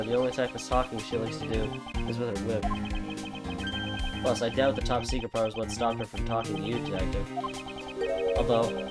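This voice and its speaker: A man's voice: medium pitch, close to an everyday voice. A man reading an eager loyal detective. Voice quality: polite, addresses others as sir. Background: game music.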